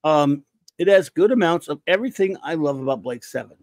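An excitable man hosting a podcast, rambling through listener reviews and breaking into jokes and the odd shout. His voice sits a little high for a man. The sound is dry, with no room echo. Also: a little fast. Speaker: podcast host. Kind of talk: casual chat reading listener reviews.

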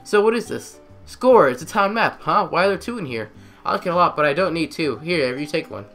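A man voicing an eager, chatty young male rival trainer, pitched higher than his own voice. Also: expressive, fast talker, a bit bright, soft background music. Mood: excited.

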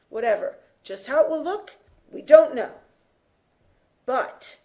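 A woman teacher giving a lecture, stopping often to explain single words and lean on them for emphasis. Her voice sits a little high, and she takes her time over every phrase. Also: a little mellow. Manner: emphatic, repeats and defines words slowly. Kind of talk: lecture, close reading of a text.

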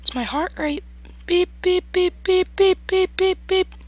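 A man putting on a shrill falsetto to play a cheeky, mock-friendly taunter with a teasing sing-song manner. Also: measured pace, no echo, soft background music. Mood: taunting.

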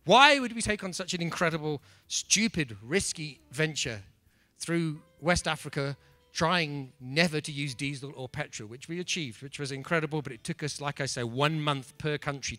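A man giving a humorous storytelling talk at a business breakfast, lively and asking the audience rhetorical questions. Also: fairly high pitch, brisk, dry recording.

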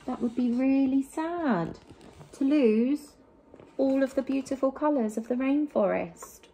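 English teacher lady reading a kids' picture book, slow, a bit high, airy. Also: a little hiss or hum. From England. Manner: gentle, with asides to young listeners.

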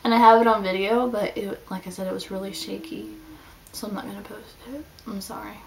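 Talking a little fast with vocal fry, this young woman rambles about her week in a student video diary, saying "like" constantly. Her medium-pitched voice stays fairly even in intonation, and the mic sits slightly far off, with faint hiss behind her.

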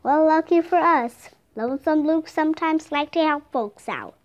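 A woman's voice: high-pitched, moderate pace, muffled recording, pitched above the performer's own voice, close to an everyday voice. A woman reading as a friendly old-west cowboy. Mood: easygoing. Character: gruff friendly adult cowboy man.

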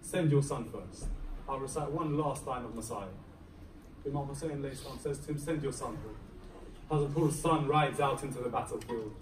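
A man's voice: mid-range voice, moderate pace, background noise. A male preacher delivering a Muharram sermon, telling a story dramatically and voicing the figures in it with mounting emotion. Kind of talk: Muharram majlis sermon narration. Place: mosque hall. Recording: echoey hall, voice picked up from a distance.

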